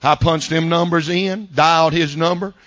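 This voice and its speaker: A male pastor preaching a sermon in a church service, folksy, swinging between loud shouted climaxes and quiet asides. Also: a little high, fairly even intonation, moderate pace, no echo.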